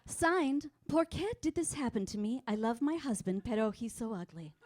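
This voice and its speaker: A woman's voice: on the high side, lively intonation, normal speed, a little mellow, close to an everyday voice. A woman playing a prim Spanish advice columnist. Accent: put-on Spanish accent. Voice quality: prim, sing-song, mock-pious. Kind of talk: character stand-up.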